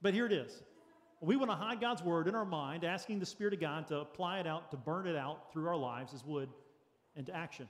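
Earnest pastor in a reverberant church. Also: male voice, fairly high pitch, a little fast. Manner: earnest, practical, lightly joking with congregation. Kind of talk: sermon. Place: church sanctuary.

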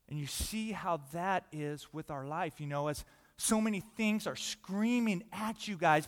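A man with a high voice preaches to a congregation in a casual, conversational way. He swings from loud and urgent to a soft hush. His voice rings with the long reverb of a big hall. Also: measured pace, few pauses. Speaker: pastor. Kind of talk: sermon.

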